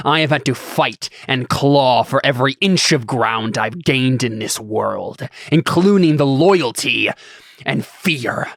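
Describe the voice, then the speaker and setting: A man playing a haughty, menacing dark lord. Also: mid-range voice, animated, creaky, no room sound, studio quality, heavily acted. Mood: haughty menace. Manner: slow, grandiose, menacing speech. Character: proud, scornful Black Numenorean male lord.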